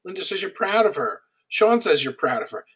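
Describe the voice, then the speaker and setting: A man's voice: sits high, big pitch swings, a little fast, a bit bright, breathy edge. A middle-aged man coaching an audience on building an online business. He teaches through personal stories and speaks in a conversational, anecdotal way, hitting his key points with emphasis.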